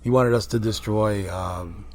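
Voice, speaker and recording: Animated rambling man telling wrestling stories. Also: on the low side, measured pace. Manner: rambling, animated anecdotes with quoted voices. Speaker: guest, former wrestler. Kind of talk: casual storytelling interview.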